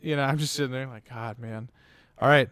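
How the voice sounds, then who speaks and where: A man's voice: medium pitch, fairly even intonation, a little fast, a bit bright, clear, resonant tone, dry recording. A man in his thirties, a podcast co-host, telling a rambling, profane family story with acted-out dialogue in casual chat. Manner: rambling anecdotes with acted-out dialogue, swears freely.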